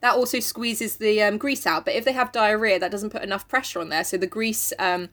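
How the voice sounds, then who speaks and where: A young woman co-hosting a podcast, retelling a story in a chatty, giggly voice. Her pitch sits mid-range, and she keeps the story rolling with plenty of ums and asides. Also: steady tone, brisk, fairly bright tone. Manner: chatty, giggly, full of fillers. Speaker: podcast co-host. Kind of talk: casual chat, retelling a story.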